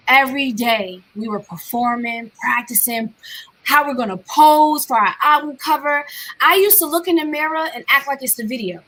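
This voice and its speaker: This is a woman from New Jersey with a high voice, chatting as a guest in a casual interview. She tells her stories with animation and acts out everyone's lines. Her tone rings bright and forceful. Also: fairly quick. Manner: animated storyteller acting out quoted voices. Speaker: guest artist.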